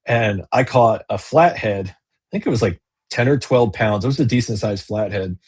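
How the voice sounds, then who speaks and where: Man, husky, low-pitched, rambling casual storyteller, video call. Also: lively intonation, normal speed, a little mellow. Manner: rambling storyteller with many fillers and restarts. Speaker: business owner and kayak angler, guest. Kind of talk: casual interview chat.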